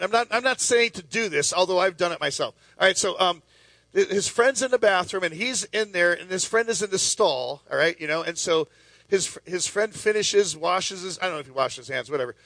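A middle-aged male pastor with a high-pitched, fairly bright voice preaches a sermon, telling stories with many restarts and asides. There's no room sound.

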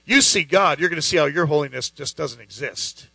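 A man's voice: a little high, lively intonation, fairly quick, gravelly, sharp tone, no room sound, rough recording. A man preaching a sermon in an emphatic, conversational way, full of rhetorical questions.

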